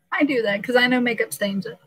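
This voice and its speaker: A woman's voice: fairly high pitch, normal speed, a bit bright, slightly rough. A woman hosting a casual live stream, rambling and emotional, laughing often and filling gaps with "uh" and "um".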